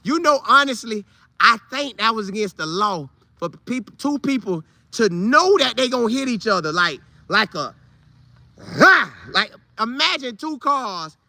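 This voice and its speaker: A man telling a funny old football story casually, with loud sound effects and vivid retelling. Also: very high voice, big pitch swings, measured pace, creaky, no room sound. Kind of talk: animated storytelling.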